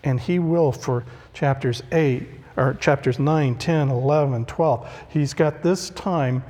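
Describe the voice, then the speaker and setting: A man's voice: mid-range voice, slow pace, warm tone. A man preaching a conversational sermon, acting out the voices he quotes. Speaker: pastor. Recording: long reverb of a large hall.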